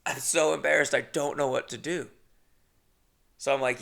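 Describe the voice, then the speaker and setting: A young adult man hosts a podcast in a gravelly, sharp-toned, medium-pitched voice, speaking at a measured pace with long pauses. He tells a rambling, comedic story about himself, swearing often and laughing at his own mishaps.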